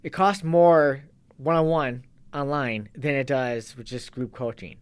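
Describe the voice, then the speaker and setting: A man's voice: mid-range voice, measured pace, clear, resonant tone. A man, a fitness and kettlebell coach, talking loosely as an interview guest and restarting his sentences often. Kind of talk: casual interview talk.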